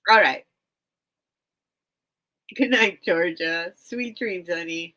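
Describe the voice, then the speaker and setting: A woman's voice: on the low side, slow, pauses often, pushed and bright. A woman hosting a live online vintage sale from home, rambling and chatting straight to her viewers. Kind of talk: casual live-stream chat.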